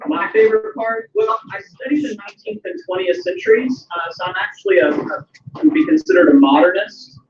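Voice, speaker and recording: A man's voice: very high voice, sing-song, fairly quick, gravelly. A man with a Southern US accent, a historian chatting with students in a casual Q&A, enthusiastic, with lots of ums and restarts. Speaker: historian answering students' questions. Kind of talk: casual Q&A over a video call. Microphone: video call. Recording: echoey, distant, muffled video call audio with light noise.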